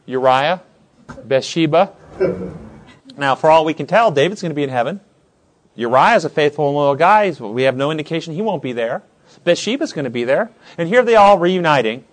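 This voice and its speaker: A man leads a Bible study class with a fairly high voice. His pitch rises and falls all the time. He quizzes the group and acts out the stories he describes. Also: fairly quick. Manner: questioning, animated, acts out scenes.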